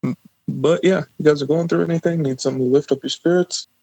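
A man's voice: fairly high pitch, steady tone, quick pace, warm tone, husky, no echo, faint music behind, low-quality recording. A man co-hosting a casual podcast, joking around loosely and swearing freely. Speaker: podcast co-host. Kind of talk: casual chat.

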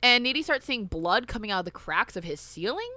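A woman's voice: fairly high pitch, very animated, a little fast, bright, forceful tone, no room sound. A woman in casual chat, recapping a movie scene by scene, with loose, profane asides. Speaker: podcast co-host.

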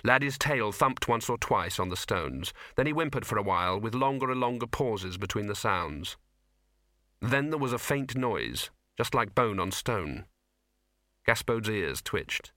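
A man's voice: fairly low pitch, animated, a little slow, pushed and bright, dry recording, clean studio sound. Man narrating a comic fantasy audiobook. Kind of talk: scripted narration.

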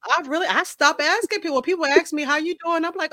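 Blunt, high-voiced woman co-host. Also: fast, a loud crowd. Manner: blunt, frank, laughs easily. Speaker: podcast co-host. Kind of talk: casual chat.

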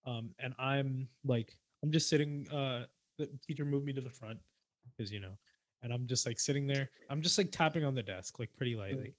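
A young man co-hosting a podcast, telling stories in a casual chat with loud outbursts and mumbled asides. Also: mid-range voice, normal speed, dry recording. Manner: animated storytelling, swings from mumbling to loud outbursts. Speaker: podcast co-host.

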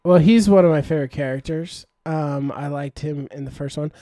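A man's voice: a little high, fairly quick, warm tone, dry recording, studio quality. A man co-hosting a casual podcast, talking hesitantly with fillers and jokes. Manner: hesitant, lots of fillers, joking. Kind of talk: casual chat.

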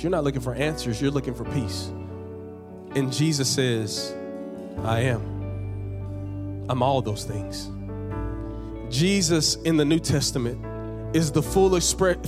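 A pastor preaching in a fairly high voice, repeating key lines and climbing to emphatic peaks before settling back into relaxed, slangy asides. Music plays clearly underneath his sermon. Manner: conversational, uses casual slang.

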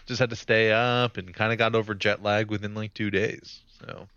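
A young man with a low, smooth, forceful voice rambles easily through podcast chat with plenty of ums and likes. He sounds dry and close. The recording is slightly muffled and lo-fi. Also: flat delivery, normal speed, no echo. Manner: rambling, hesitant with many fillers. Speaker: podcast co-host. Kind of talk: casual chat. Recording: dull lo-fi mic, dry.

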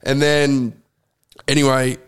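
A man's voice: medium pitch, little pitch movement, takes it slowly, fairly bright tone, clean tone. Rambling man telling a story. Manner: rambling, profane storytelling with many fillers. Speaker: podcast co-host. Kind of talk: casual chat.

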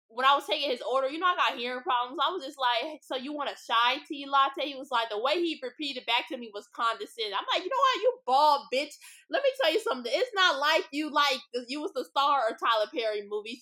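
A woman's voice: high-pitched, sharp tone. A young woman from Los Angeles hosting a podcast, telling stories in a blunt, profane, chatty way, full of "like" and "y'all.". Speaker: podcast host. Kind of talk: casual storytelling monologue. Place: street-side spot with passing cars.

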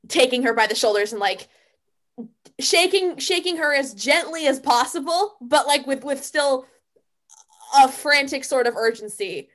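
A woman player describing her character's actions in a tabletop game, eager and halting with many fillers. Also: fairly high pitch, a bit bright.

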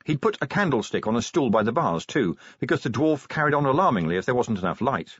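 A man's voice: mid-range voice, sing-song, fast, fairly bright tone, husky, no room sound, muffled recording. A man narrating a comic audiobook with wry, dry timing.

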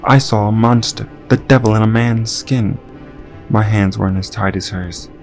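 A man's voice: lowish voice, steady tone, moderate pace, soft background music. A man reading a first-person audiobook narration with dry, wry asides.

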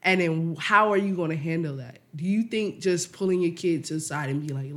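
Animated laughing male podcast co-host. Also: fairly high pitch, brisk, hardly any pauses. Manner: animated storytelling, laughs often, acts out quotes, swears freely. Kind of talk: casual chat.

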